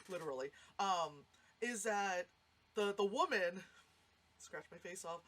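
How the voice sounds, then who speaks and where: A woman giving a casual, rambling spoken movie review, swearing freely and acting out lines. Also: mid-range voice. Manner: rambling, animated, swears freely, acts out quotes.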